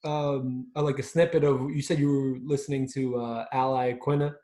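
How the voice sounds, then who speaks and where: This podcast co-host has a mid-range, dark voice with a level tone and a moderate pace. Chatting casually about sports, he hesitates, uses fillers, and keeps checking in with "right?" The recording sounds roomy and echoey.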